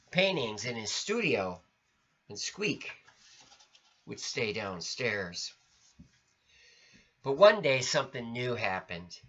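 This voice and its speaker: A man reading a children's storybook aloud in an expressive, sing-song way. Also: mid-range voice. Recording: lo-fi recording.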